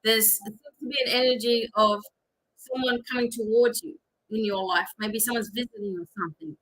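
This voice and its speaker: Bright-voiced woman giving psychic readings. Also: fairly high pitch, steady tone, fairly quick, a little hiss or hum. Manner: chatty, instructive, many fillers. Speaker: psychic reader. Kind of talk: live-stream reading.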